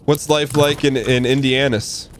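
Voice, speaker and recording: A man chatting casually with a teammate as he hosts a gaming stream, asking one question after another in a friendly tone. His voice sits at an ordinary pitch. Faint noise runs underneath. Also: fairly even intonation, measured pace. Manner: friendly, asks many questions. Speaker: streamer host.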